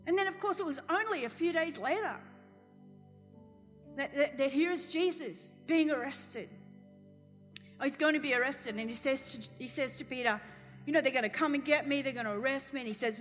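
A woman pastor preaching a sermon, telling a story with animated acted-out quotes. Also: high voice, a little fast, long reverb tail, faint music behind.

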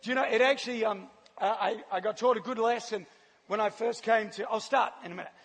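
A man with a New Zealand accent preaches and tells his own story in an animated, laughing way. His voice sits high and sounds husky. It rings out with a long reverb, as if in a large hall. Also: brisk. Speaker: church speaker. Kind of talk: sermon with personal testimony.

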